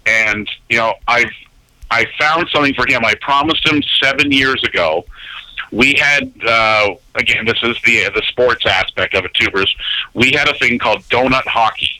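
Brief: man in his 50s, animated radio storyteller, piercing bright tone, dry close sound. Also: mid-range voice, normal speed, dry recording, low-quality recording. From Canada. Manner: animated storyteller who acts out quoted voices. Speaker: radio announcer and guest. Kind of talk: casual storytelling interview.

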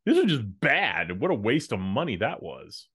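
A man's voice: mid-range voice, huge pitch swings, moderate pace, a bit bright, husky. A man co-hosting a podcast, chatting casually and giving jokey, opinionated takes. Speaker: podcast co-host.

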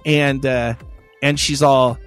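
A man's voice: medium pitch, flat delivery, slow, smooth, faint music behind. A man hosting a podcast, telling a story in a profane, rambling, wry way. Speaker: podcast host. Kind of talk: casual storytelling chat.

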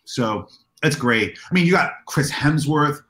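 A man with a high-sided voice, speaking unhurriedly, shares lively stories in an interview about organizing a convention, performing the dialogue with enthusiasm. The recording is reverberant and of poor quality.

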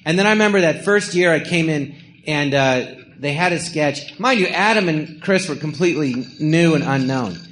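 A man's voice: a little high, expressive, normal speed, fairly bright tone, slight background noise. A middle-aged man telling rambling stories on a live podcast, slipping into quoted voices between laughs. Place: theatre stage before an audience.

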